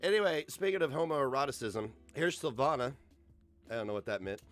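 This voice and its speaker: A man's voice: medium pitch, very animated, brisk, fairly bright tone, soft background music. A man ranting sarcastically in a reaction commentary, mocking and swearing freely. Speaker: commentary streamer.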